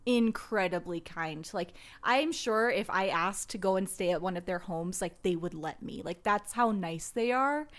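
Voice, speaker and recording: Casting note: young woman, casual podcast co-host, rambly and filler-heavy, mid-pitched. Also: moderate pace, few pauses. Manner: chatty, rambling, lots of "like" fillers. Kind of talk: casual chat.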